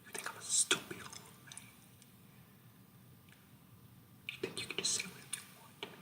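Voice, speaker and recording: A man doing a whispering old drill sergeant. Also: racing. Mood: menacing. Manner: hushed gravelly whisper, repeats himself, slangy drawl. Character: crude menacing old male drill sergeant. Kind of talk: comic skit.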